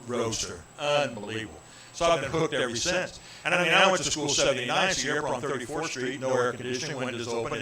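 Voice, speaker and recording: A man in his sixties from Indiana, a comedian telling a story on a radio talk show and acting out the dialogue. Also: mid-range voice. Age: 60s. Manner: animated comic storyteller, acts out dialogue. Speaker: comedian guest.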